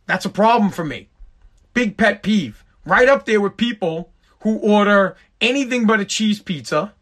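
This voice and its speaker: A man's voice: a little high, fairly bright tone. A middle-aged man hosting a podcast, rambling and swearing through a tipsy, exasperated monologue. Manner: profane, tipsy storytelling, rising to exasperated rants. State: tipsy from drinking. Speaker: podcast host.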